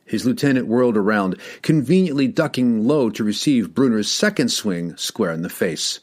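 A man narrating a fantasy audiobook in a dramatic, expressive storytelling manner. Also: medium pitch, normal speed.

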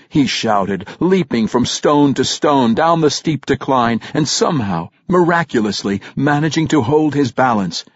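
A husky male narrator reads a fantasy audiobook, his pitch rising and falling dramatically through every sentence. The recording is close and dry, with a slightly dull, lo-fi tone.

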